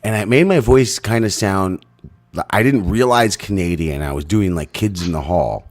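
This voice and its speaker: A man co-hosting a podcast, telling crude, rambling stories in a deadpan way. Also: low-pitched, normal speed. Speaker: podcast co-host. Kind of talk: crude comedic banter.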